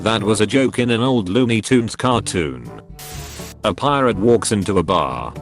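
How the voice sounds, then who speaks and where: Deadpan low-voiced man reading jokes. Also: normal speed, soft background music. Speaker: narrator reading Reddit posts. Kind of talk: scripted narration of jokes.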